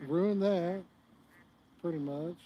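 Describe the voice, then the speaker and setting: A man's voice: high voice, slow, lo-fi sound, a little hiss or hum. A man hosting a live fishing stream outdoors, chatting and joking in a rambling, casual way. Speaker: fishing channel host.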